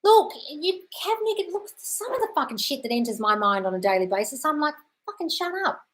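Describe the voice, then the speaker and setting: A woman's voice: high voice, animated, fast, a bit bright. An Australian woman hosting a live question-and-answer stream in a chatty, casual way, calling viewers "darling" and swearing freely. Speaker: host of a live manifesting Q&A.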